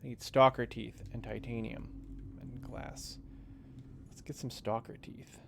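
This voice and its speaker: A man's voice: medium pitch, little pitch movement, unhurried, creaky, noisy background. A man streaming a game live, chatting casually and swearing as he thinks aloud. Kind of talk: live gameplay commentary.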